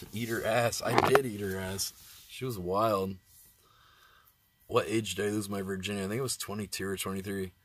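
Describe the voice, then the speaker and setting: A man's voice: lowish voice, steady tone, normal speed, long pauses, a little hiss or hum. An American man vlogging live, telling crude personal stories in a rambling, casual way and laughing at himself. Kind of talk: casual livestream storytelling.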